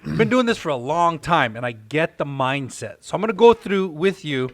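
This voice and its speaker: Animated male podcast host with a fairly high voice. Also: moderate pace, no room sound. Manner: animated, storytelling. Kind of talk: casual podcast storytelling.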